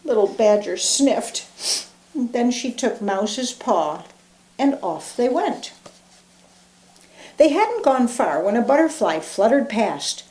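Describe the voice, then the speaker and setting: An older woman, a grandmother, reading a picture book aloud in a gentle, expressive way. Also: fairly high pitch, takes it slowly, long pauses, reverberant. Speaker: grandmother storyteller.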